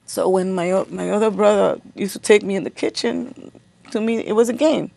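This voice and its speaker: As an interview guest, a middle-aged woman recounts something personal, halting and repeating words as memories come back. Her mid-range voice is gravelly and darkish in tone.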